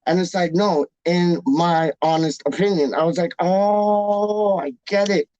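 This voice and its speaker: A man hosting a live stream, chatting casually with his viewers in an animated, jokey way full of slang. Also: sits high, a little slow, no room sound, highs cut off. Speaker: livestream host reading chat. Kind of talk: casual chat.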